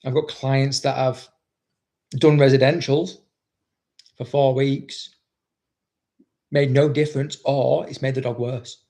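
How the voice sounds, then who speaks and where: A man's voice: mid-range voice, little pitch movement, slow pace, pauses often, mellow. A man, a dog trainer, chatting casually on a livestream and reading out viewer comments, blunt and swearing constantly as he rambles.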